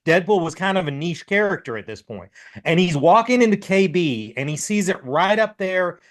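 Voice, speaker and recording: Man, podcast co-host, slightly high voice, relaxed, casual chat. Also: moderate pace. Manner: relaxed storyteller, hesitant fillers.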